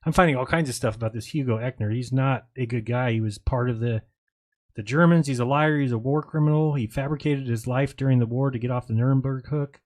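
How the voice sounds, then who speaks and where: Man, host, rapid delivery, agreeable, middle pitch. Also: darkish tone. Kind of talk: casual call-in chat.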